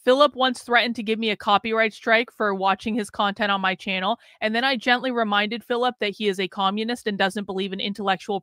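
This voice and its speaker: Sharp, sarcastic woman streamer. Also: on the high side, no room sound, clean studio sound. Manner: sarcastic, emphatic, swears freely. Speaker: political commentary host. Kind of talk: live-stream commentary.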